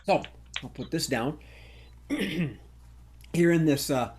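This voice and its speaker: A man's voice: fairly high pitch, drawn-out words, a little hiss or hum. A man hosting a live online improv comedy show, joking and laughing as he runs the games. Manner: lively, laughing, joking emcee. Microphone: video call.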